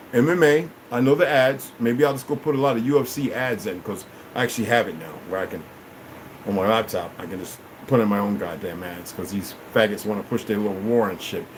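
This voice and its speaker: A man ranting on a livestream, cursing a lot and swinging between loud outbursts and low mutters. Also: a little hiss or hum, poor audio. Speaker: livestream host. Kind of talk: rambling livestream rant.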